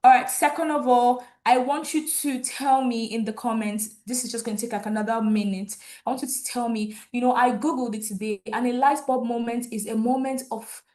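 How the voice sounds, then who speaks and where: A woman's voice: a little high, steady tone, a little fast, hardly any pauses, darkish tone. A woman hosting an online graduation ceremony over a video call, enthusiastically reading out viewers' comments and names. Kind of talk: lively live-stream hosting.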